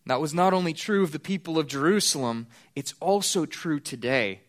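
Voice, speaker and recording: A man preaching a sermon as pastor, earnest, slowing down to stress key points. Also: on the high side, expressive.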